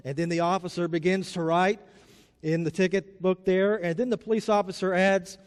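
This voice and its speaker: Male pastor, conversational storytelling sermon; high voice, chapel reverb. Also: fairly even intonation, moderate pace.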